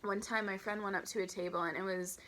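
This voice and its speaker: A woman telling stories from her waitressing days in an animated, incredulous way, with dramatic outbursts and a lot of "like.". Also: mid-range voice, fast talker, slight background noise. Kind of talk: storytime vlog.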